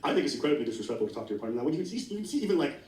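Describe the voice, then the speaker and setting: Fast, blunt man ranting in a roomy space. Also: mid-range voice, sing-song, a little mellow, far from the mic. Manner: blunt, heated, profane ranting. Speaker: reaction show host. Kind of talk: casual reaction commentary.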